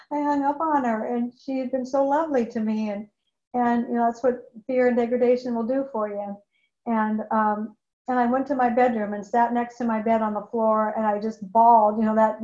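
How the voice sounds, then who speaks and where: A woman with a fairly high voice shares her recovery story candidly and emotionally, circling back on phrases for emphasis. The recording is dull and lo-fi, with a roomy echo around her. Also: mellow. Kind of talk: personal testimony talk. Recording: echoey, dull lo-fi room recording.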